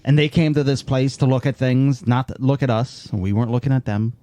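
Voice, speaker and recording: Guy rambling deadpan on a podcast, warm low-toned voice, dry room. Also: brisk, no echo. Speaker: podcast co-host. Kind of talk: casual chat.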